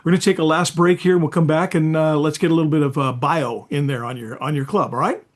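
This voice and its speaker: Casual podcast host, man, slightly higher voice, conversational storyteller. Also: steady tone, fast talker, a little hiss or hum. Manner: chatty, warm affirmations, storytelling asides. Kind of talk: casual interview chat.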